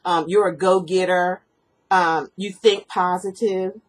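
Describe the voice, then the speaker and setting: A woman giving a personal tarot reading. She rambles earnestly, repeats herself, fills pauses with ums, and sniffles from allergies. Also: on the low side, steady tone. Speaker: tarot reader.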